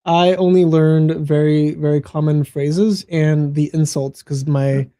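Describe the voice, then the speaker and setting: An American man with a dark, mellow voice that sits a little higher than most men's, chatting at ease on a podcast. He rambles through stories full of fillers and quick laughs. The sound is dry and close to the mic. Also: steady tone, clean tone, no room sound. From United States. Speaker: co-host. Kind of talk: casual podcast chat.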